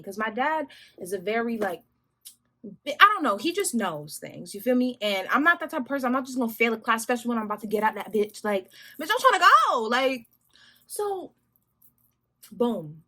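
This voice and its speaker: Bright-voiced young woman telling a story. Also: on the high side. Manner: animated, slangy, talks straight to viewers. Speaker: vlogger. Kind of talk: casual storytime.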